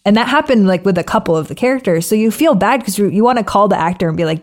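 A woman's voice: mid-range voice, lively intonation, quick pace, darkish tone. A woman in her thirties, a director, chatting casually with lots of fillers and restarts. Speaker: director and podcast co-host. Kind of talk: casual chat.

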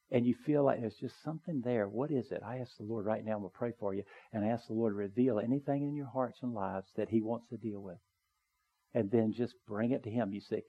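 A man preaching a sermon in a church, earnest and conversational, building to emphatic pleas and dropping to soft, quiet appeals. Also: medium pitch, slightly rough, lo-fi sound. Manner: conversational with small asides. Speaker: pastor. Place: church sanctuary, also live streamed.

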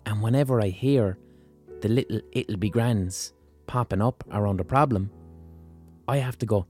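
A man's voice: lowish voice, moderate pace, pauses often, darkish tone, faint music behind. An Irish man hosting a podcast, talking through a casual monologue in a blunt, wry way with frequent swearing. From Ireland. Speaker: podcast host.

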